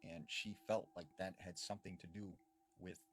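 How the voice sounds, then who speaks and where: A man casually telling a creepy story, with hushed dips for suspense. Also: sits low, steady tone, normal speed, slight background noise.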